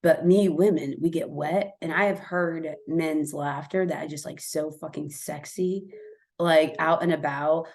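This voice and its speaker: An American woman hosting a casual monologue, chatty and blunt, swearing freely and dropping from loud remarks to hushed asides. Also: on the low side. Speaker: host.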